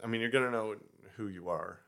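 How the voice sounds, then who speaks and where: A man's voice: on the low side, quick pace, creaky, fairly bright tone. A man co-hosting a casual podcast who teases his partner and laughs often. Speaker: podcast co-host.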